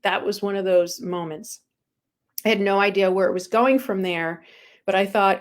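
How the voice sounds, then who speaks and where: A woman guest speaks candidly, a spiritual coach recounting her own past in an unpolished, conversational way. She pokes fun at herself and fills pauses with ums. Her pitch sits in a typical middle range. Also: fairly even intonation. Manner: frank and self-deprecating, with frequent ums. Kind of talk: candid personal storytelling.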